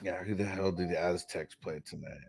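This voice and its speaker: Laid-back male stream host, slangy, relaxed, reads chat aloud. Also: low voice, fairly quick, gravelly, breathy edge. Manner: laid-back, slangy, coughing between dabs. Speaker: livestream host. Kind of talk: casual livestream chat reading comments.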